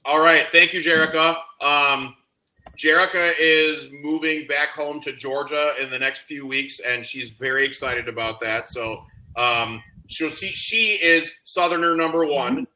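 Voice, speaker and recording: A man's voice: fairly high pitch, unhurried, sharp tone, low-quality recording. Upbeat man hosting a video meeting. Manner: upbeat, jokey introductions. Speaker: webinar host. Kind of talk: casual online meeting. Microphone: video call.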